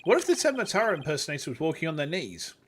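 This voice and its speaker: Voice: mid-range voice, very animated, rapid-fire, a little hiss or hum, close to an everyday voice. A streamer reading an earnest young lawyer. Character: earnest young male defense attorney.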